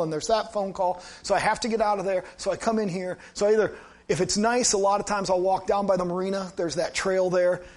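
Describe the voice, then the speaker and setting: A middle-aged man, a pastor, giving a conversational sermon, telling a personal story with animated asides. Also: high-pitched.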